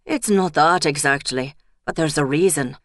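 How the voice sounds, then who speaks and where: A woman voicing a nervous young male police officer who speaks in a hushed, careful way. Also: a little high, normal speed, dry recording, clean studio sound, close to an everyday voice. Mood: guarded, confiding.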